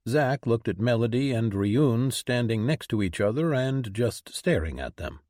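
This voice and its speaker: A man narrating a fantasy audiobook in an expressive reading style. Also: mid-range voice, a little slow, dry recording, studio quality.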